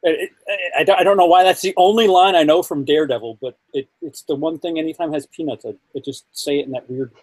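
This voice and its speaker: Stammering man with a husky high voice. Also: no echo, poor audio. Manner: stammering, quick interjections. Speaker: podcast co-host. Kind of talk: casual chat.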